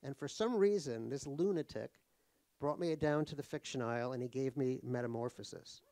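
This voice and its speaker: A middle-aged man tells funny stories about himself on stage. His pitch sits in the ordinary middle range, and his delivery is wry and rambling, full of fillers and restarts. The recording is dry and close, with little room sound. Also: normal speed, warm tone, dry recording. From United States (New York). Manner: wry, self-deprecating, laughs at his own jokes. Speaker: author guest in a stage conversation. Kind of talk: comic anecdotal storytelling. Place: live talk at a cultural center.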